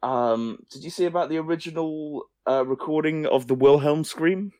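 A man's voice: on the high side, normal speed, warm tone, no echo, clean studio sound. A young man co-hosting a casual film-news podcast, rambling, swearing lightly and often abandoning sentences halfway. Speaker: podcast co-host.

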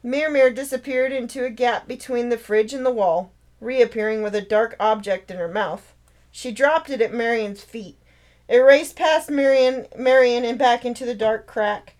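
A woman author narrating her own novel in a steady, expressive read-aloud. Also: fairly high pitch, moderate pace, poor audio. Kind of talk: storytelling narration.

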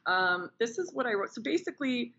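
Woman guest, husky tone, muffled remote podcast audio, eager storyteller. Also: fairly high pitch, brisk. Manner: enthusiastic, animated storyteller. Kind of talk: casual interview chat.

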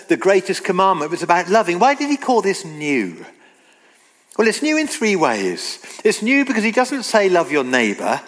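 A man preaching a sermon, earnest and emphatic, slowing down to read scripture aloud. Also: sits high. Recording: long reverb of a hall.

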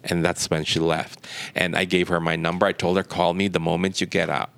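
Low-voiced man telling a story. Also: fairly quick, gravelly, clean tone. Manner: lively retelling with quoted dialogue. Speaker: interview guest. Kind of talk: anecdotal storytelling.

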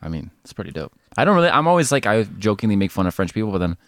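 A man's voice: lowish voice, very animated, rapid-fire, no room sound. A young man co-hosting a podcast, chatting casually, joking and swearing with easy laughs. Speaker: podcast co-host. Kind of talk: casual chat.

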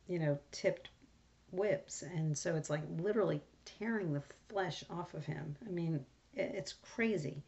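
A woman with a lowish, gravelly voice reflects on scripture in loose, unscripted talk. She wanders and restarts often and leans on fillers. The sound is dull and lo-fi. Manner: rambling, many fillers and restarts. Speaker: Bible study speaker. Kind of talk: casual Bible reflection. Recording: dull lo-fi recording.

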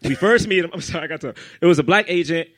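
A man co-hosting a live comedy podcast, telling stories loudly and shouting when he argues. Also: on the high side, very fast. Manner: loud, animated storytelling, shouts when arguing. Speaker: podcast co-host. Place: comedy club stage before a live audience.

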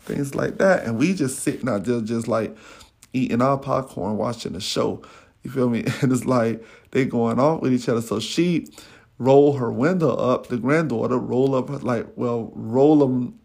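A man's voice: mid-range voice, moderate pace, gravelly, darkish tone. A man hosting a podcast, casually telling a personal story in slangy talk with many fillers. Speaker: podcast host.

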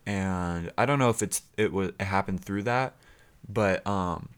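Young male guest, very deep voice, casual rambler. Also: measured pace, clear, resonant tone. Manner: relaxed, filler-heavy rambling. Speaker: podcast guest, musician. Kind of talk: casual chat.

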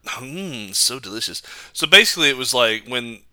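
Man, podcast co-host, bright tense voice, lively pitch, dry close sound. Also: moderate pace, dry recording. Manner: chatty, jokey storyteller. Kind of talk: casual chat.

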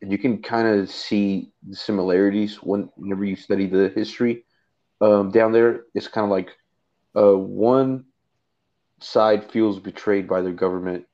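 A man's voice: lowish voice, steady tone, moderate pace, warm tone. A man from Texas with a Texan accent, rambling and swearing through a casual political chat. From Houston, Texas. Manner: rambling, profane, filler-heavy. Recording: dull lo-fi recording.

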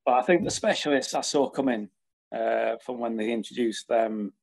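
A man's voice: medium pitch, normal speed, vocal fry, darkish tone. Joking man calling in on a phone. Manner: joking, self-deprecating. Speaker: podcast guest. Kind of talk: casual chat over video call. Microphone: phone held in one hand.

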